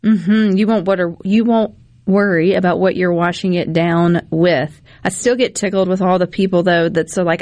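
A woman's voice: fairly low pitch, steady tone, a little mellow, no echo. Woman, radio co-host, folksy chatty talk, dry close sound. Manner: chatty, folksy, quick asides.

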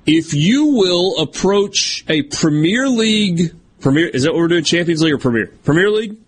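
A man's voice: on the high side, expressive, normal speed, slightly rough. A man hosting a sports radio show, teasing and playfully interrupting his co-hosts in casual banter.

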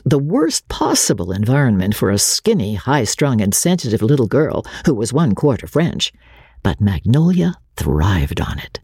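A man reading a novel aloud as an audiobook narrator, in an expressive storytelling manner. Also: a little high, gravelly, slightly rough, no room sound, clean studio sound. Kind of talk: scripted literary narration.

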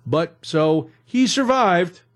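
A man's voice: high-pitched, animated, takes it slowly. A man hosting a radio talk show, recapping odd news stories in a jokey, rambling way from a studio.

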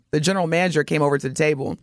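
A woman co-hosting a radio talk show, telling a story with animated flair and laughing as she talks. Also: low-pitched, quick pace, dry recording, studio quality. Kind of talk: casual radio banter. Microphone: studio microphone.

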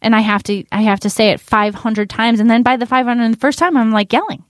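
A woman's voice: a little high, fast talker, no room sound. A woman cohosting a parenting podcast, talking in a candid, exasperated, casual way. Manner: candid, exasperated, laughs easily. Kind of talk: casual chat.

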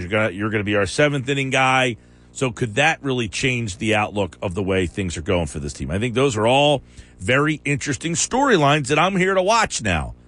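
With a medium-pitched, slightly bright voice, this sports radio host talks casually yet argumentatively, rushing to dispute whatever his co-host claims.

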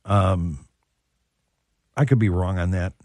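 A man who is a sports broadcaster, telling stories as a guest on a radio show, animated and full of restarts. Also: low-pitched, slow, no room sound. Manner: animated storyteller, stumbling restarts. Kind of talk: casual sports radio chat.

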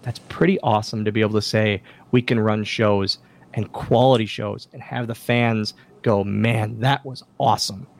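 Gravelly-voiced male podcast guest, animated storyteller who acts out quotes. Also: on the low side, normal speed. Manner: animated anecdotes with acted-out quotes. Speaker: podcast guest, wrestler and wrestling school owner. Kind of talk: casual interview storytelling.

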